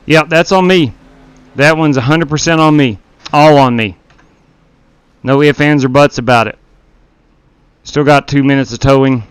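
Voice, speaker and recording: Commenting casually on replays during a live stream, a sim-racing host and league race director candidly takes the blame for his own errors as he rewinds. He speaks at a moderate pace with fairly even intonation and frequent pauses, in a mid-range voice with a clean tone.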